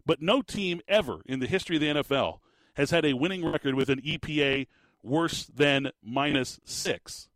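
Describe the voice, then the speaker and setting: Guy doing a sports rant, kinda high voice, dry close sound, lots of uh and restarts. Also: normal speed, no echo. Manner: rambling, animated, frequent fillers and restarts. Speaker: sports podcast host. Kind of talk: casual sports commentary.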